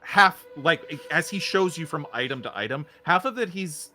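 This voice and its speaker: A man running a tabletop horror game as game master, narrating with laughs and halting restarts. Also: fairly high pitch, lively intonation, sharp tone.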